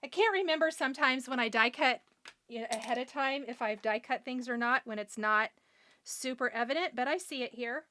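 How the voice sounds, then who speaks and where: High-voiced chatty crafting host. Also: female voice, brisk, bright, forceful tone. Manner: chatty and self-deprecating, talking to herself as she works. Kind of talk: live craft tutorial, reading viewer comments.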